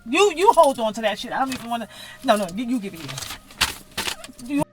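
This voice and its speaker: A woman's voice: a little high, sing-song, moderate pace, faint music behind. A woman playing a shaken mother who curses and breaks off mid-sentence. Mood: stunned. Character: shaken mother learning her enemy is her daughter.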